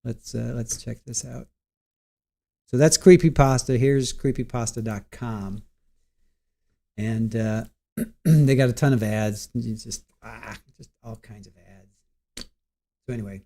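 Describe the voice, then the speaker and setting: A man's voice: mid-range voice, a little slow, vocal fry, pauses often, mellow. Rambling middle-aged man streaming live. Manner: rambling, stumbles and restarts words, reads chat aloud. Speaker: livestream host. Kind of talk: casual livestream chat.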